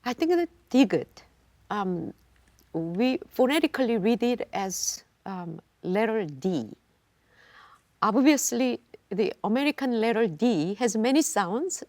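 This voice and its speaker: Woman, very slow pace, dry close sound, thoughtful explanations, panel discussion. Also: on the high side, warm tone, no room sound. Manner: measured, thoughtful, with filler pauses. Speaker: roundtable panelist, diction clinician. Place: video studio.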